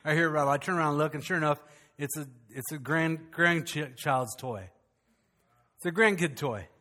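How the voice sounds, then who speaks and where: A man's voice: a little high, bright, forceful tone. An older man preaching a sermon as pastor, folksy and storytelling, rising to fervent, rhythmic preaching.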